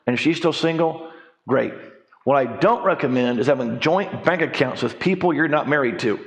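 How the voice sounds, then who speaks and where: A man in his forties, a financial coach, teaches a class in a church hall conversationally, telling lively stories, acting out quoted voices, and cracking jokes. His voice is medium-pitched and his pace moderate.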